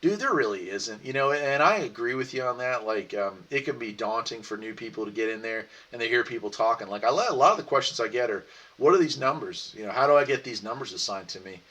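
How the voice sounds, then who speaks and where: A man hosting a casual livestream, reading out viewer comments and answering them in a relaxed, rambling way with frequent laughs. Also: medium pitch, fast, far from the mic. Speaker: livestream host.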